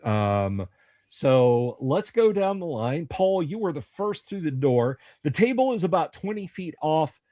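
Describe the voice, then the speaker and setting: A man working as dungeon master, describing a scene in a halting way with many pauses and fillers. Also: fairly high pitch, sing-song, warm tone, no echo. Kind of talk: running a tabletop game on a livestream.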